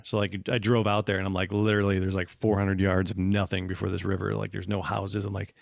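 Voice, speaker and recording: Casual podcast guest, man, gravelly and low, dry close mic. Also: fast, hardly any pauses, dry recording. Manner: animated storyteller, acts out quotes. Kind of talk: casual chat.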